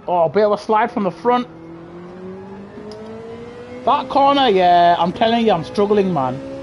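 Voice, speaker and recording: A woman doing live racing gameplay commentary, excitable and trash-talking other drivers, bursting into shouts. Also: mid-range voice, measured pace, muffled recording, a little hiss or hum. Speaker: gaming streamer.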